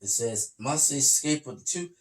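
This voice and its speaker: A man's voice: medium pitch, animated, normal speed. A man hosting a casual podcast, reading match results aloud and stumbling over names. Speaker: podcast host. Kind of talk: reading recaps in casual chat.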